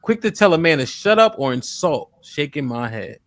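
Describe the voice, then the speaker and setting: A man's voice: a little high, very animated, fairly bright tone, no room sound. Man host reading super chats aloud. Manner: reads donor messages quickly, asks guests direct questions. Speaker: livestream host. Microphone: studio microphone.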